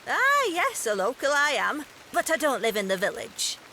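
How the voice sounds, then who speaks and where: An actress voicing a suspicious, nosy old village woman, speaking bluntly and slowly. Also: high voice, wildly swooping pitch, pushed and bright, slight background noise, heavily acted. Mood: wary. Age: older. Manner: blunt, prying, slow and drawn-out. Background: game music and rain.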